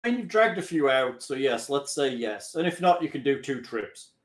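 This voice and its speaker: A man's voice: mid-range voice, big pitch swings, normal speed, reverberant. A man acting as game master, checking rules aloud and ruling on what the players can do. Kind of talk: casual game chat.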